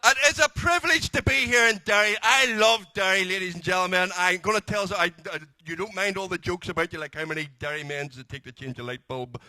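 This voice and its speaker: A man's voice: high voice, fast, hardly any pauses, sharp tone, no room sound. A man doing cheeky, crude stand-up at a dinner. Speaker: after-dinner comedian. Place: large dinner function room.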